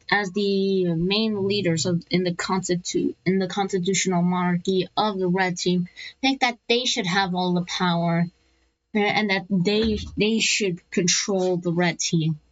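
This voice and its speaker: Woman, casual map narrator, unhurried and rambling, dry dull home recording. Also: lowish voice, fairly even intonation. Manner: rambling, self-correcting, slips into playful voiced asides.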